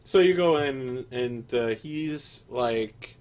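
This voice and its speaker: A man narrating as game master in a relaxed, jokey way with many fillers. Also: mid-range voice, slow pace.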